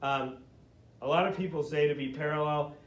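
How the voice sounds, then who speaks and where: A man's voice: on the high side, steady tone. Patient man teaching flute basics. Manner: patient, explains slowly, checks in with frequent "okay?". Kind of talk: step-by-step instrument lesson.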